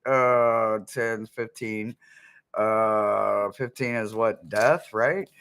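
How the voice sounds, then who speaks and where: Man, tarot reader, live stream, giddy laughter, bright unhurried voice. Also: on the low side, steady tone, vocal fry. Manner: laughing nearly nonstop, giddy exclamations.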